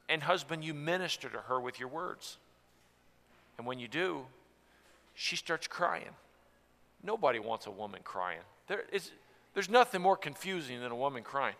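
A man, from Tennessee, preaching a sermon about marriage in an earnest way, going from soft to loud. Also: on the high side, sing-song, moderate pace, long reverb tail.

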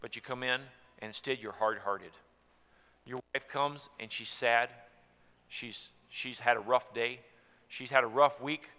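A man, from Tennessee, preaching a sermon about marriage in an earnest way, going from soft to loud. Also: medium pitch, steady tone, a little slow, big-room sound.

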